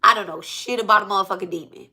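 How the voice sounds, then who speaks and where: A woman's voice: medium pitch, very fast, pushed and bright. A woman, a spiritual reader, telling a long story in a casual, profane and emphatic way, repeating herself for emphasis.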